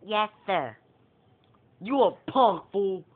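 A man's voice: high-pitched, takes it slowly, heavily acted. A young man doing an impression of a famous male stand-up comedian, telling a prank story and acting out the characters' voices. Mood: animated storytelling. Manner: animated storytelling that acts out several characters' voices. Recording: tinny phone-like lo-fi recording.

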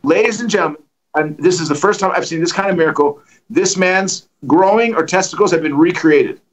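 Fast-talking high-voiced male preacher. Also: poor audio. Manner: animated, acts out dialogue with lively voices. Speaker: guest preacher. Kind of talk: storytelling testimony.

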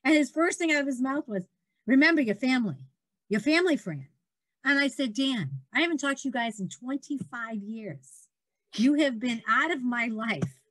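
Middle-aged woman, guest storyteller, animated and laughing, high-ish voice, dry close sound. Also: moderate pace, dry recording. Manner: animated, laughs often, acts out quoted people. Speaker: guest entrepreneur. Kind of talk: casual conversational storytelling.

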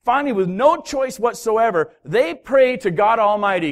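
Animated man preaching a story. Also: sits high, moderate pace, few pauses. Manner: animated storytelling, acting out voices of the sailors. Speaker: pastor. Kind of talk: sermon. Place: church hall.

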